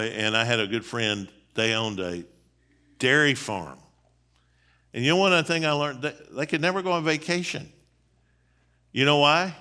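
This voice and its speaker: A man's voice: medium pitch, sharp tone. A middle-aged man, a seminary dean, giving a conversational sermon on marriage in a folksy, emphatic way full of rhetorical questions. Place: church.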